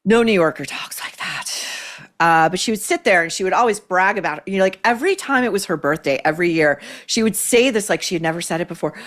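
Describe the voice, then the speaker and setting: A middle-aged woman with a fairly low voice hosts a podcast. She talks bluntly and sarcastically, swearing freely as she tears into her subject in opinionated commentary. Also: lively intonation, quick pace, a bit bright. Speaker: podcast host.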